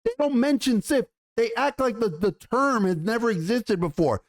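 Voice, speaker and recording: High-voiced man in a profane rant. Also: lively intonation, normal speed. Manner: exasperated, swears a lot, stumbles and restarts. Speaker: YouTube TV show reviewer. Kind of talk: profane ranting review.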